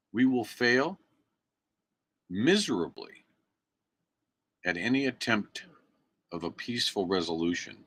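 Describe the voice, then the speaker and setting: This American activist streamer preaches to his audience in a furious, forceful rant delivered into a computer mic indoors. His mid-range voice sounds pushed and bright, with no echo in the recording.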